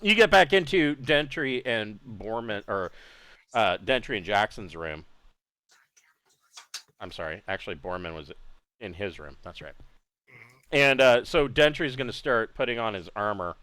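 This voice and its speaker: A man running a tabletop game as game master, narrating casually and often pausing to correct himself. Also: fairly low pitch, animated, pushed and bright, clear, resonant tone, no echo. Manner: halting, self-correcting, casual.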